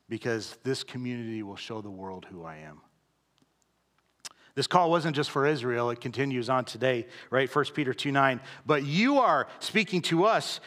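A man preaching a conversational sermon in a church, often checking in with "right?" and moving between loud emphasis and quiet, low asides. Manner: conversational, keeps asking "right?". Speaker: pastor.

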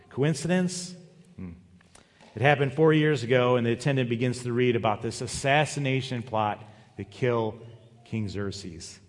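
A pastor preaching a sermon, retelling a story with lively voices for its characters. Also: male voice, medium pitch. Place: church sanctuary. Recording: long hall reverb.

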